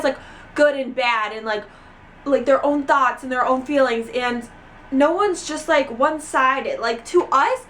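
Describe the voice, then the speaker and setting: A young woman reviewing a book in a casual vlog, gushing and excitable, with lots of "like" fillers. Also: high voice, a little hiss or hum. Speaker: book vlogger.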